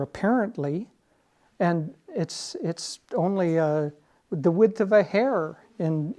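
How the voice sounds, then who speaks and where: A know-it-all neuroscientist corrects everyone, as a man puts him on. The voice sits a little higher and louder than his own, condescending and lecturing.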